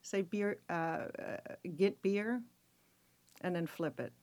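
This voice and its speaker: A woman's voice: fairly low pitch, slow. Hesitant woman guest on radio. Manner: warm, hesitant, many fillers and restarts. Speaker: festival organizer guest. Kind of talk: casual radio interview.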